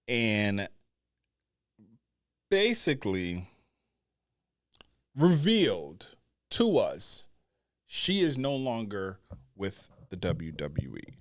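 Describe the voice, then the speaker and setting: A man hosting a wrestling podcast in a loose, unscripted way. He talks slowly and deliberately, but his pitch swings widely as he leans into words. The sound is dry and close, with blunt language and heavy emphasis. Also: dry recording. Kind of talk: casual commentary.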